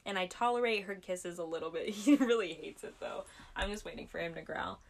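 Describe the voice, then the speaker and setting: A woman's voice: fairly low pitch, brisk, gravelly. Chatty young American woman podcaster. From United States. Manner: chatty, giggly, lots of fillers. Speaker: podcast host. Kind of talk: casual chat. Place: home.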